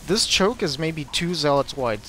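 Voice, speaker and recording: A young man narrates a replay of his own game as a tutorial, getting excited and quickly flustered during the fights. His voice sits on the high side, with a slight hiss or hum in the audio.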